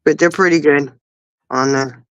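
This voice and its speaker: A woman's voice: low-pitched, fairly even intonation, a little slow, fairly bright tone, clean tone, dry recording, highs cut off. A woman co-hosting a casual livestream chat, telling stories and laughing often. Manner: giggly storyteller, laughs often. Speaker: livestream co-host.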